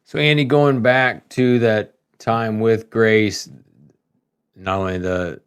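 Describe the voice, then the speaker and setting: A man with a fairly low voice hosts a podcast interview. He asks his questions in a reflective, searching way, with some fillers. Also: fairly even intonation, slow, clean tone. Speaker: podcast host.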